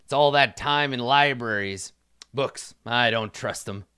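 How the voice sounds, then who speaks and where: A man's voice: mid-range voice, measured pace, sharp tone, smooth, dry recording, clean studio sound. A man voicing a cheery old skeleton camp doctor in monk's robes, who speaks in a jolly, folksy and reassuring way.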